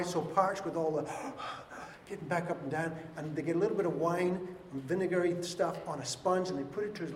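A man's voice: a little high, slight background noise. A man preaching an Easter sermon to his congregation, talking expressively and acting out the voices of the people in the story. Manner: expressive, acts out voices of biblical figures. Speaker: pastor. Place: church hall. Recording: echoey hall, picked up from a distance.

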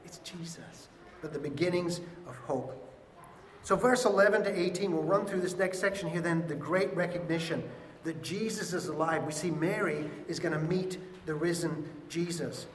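A man's voice: fairly high pitch, normal speed, slight background noise. A man preaching an Easter sermon to his congregation, talking expressively and acting out the voices of the people in the story. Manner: expressive, acts out voices of biblical figures. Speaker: pastor. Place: church hall. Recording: echoey hall, picked up from a distance.

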